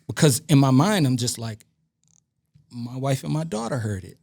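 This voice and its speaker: A man's voice: medium pitch, moderate pace, vocal fry, dry recording, clean studio sound. A man from Brooklyn, a guest DJ and producer, telling anecdotes on a casual podcast and acting out other people's lines with plenty of swearing. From Brooklyn, New York. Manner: animated anecdote-telling, acting out quoted dialogue, frequent profanity.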